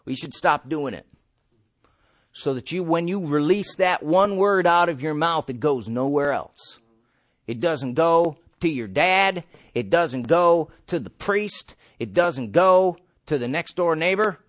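A man with a notably high voice preaches a sermon with emphasis, tossing out questions and answering them himself. His delivery is insistent, with an occasional chuckle. The recording is close and dry, with no room sound. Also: lively intonation, a little slow, a bit bright, dry recording.

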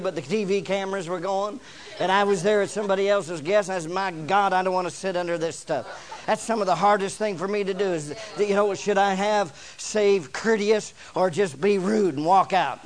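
A man preaching a sermon, telling folksy stories and breaking into shouted bursts. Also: high-pitched, steady tone, brisk.

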